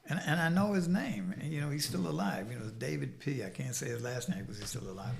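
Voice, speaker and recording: A man's voice: medium pitch, fast talker, creaky. A man in his sixties from New York City telling his recovery story in an interview, blunt and profane, with a streetwise manner. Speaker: guest.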